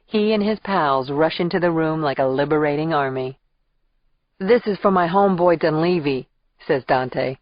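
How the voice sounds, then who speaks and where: Female first-person thriller narrator with a deep voice and a dry, slightly muffled sound. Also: no room sound. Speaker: audiobook narrator.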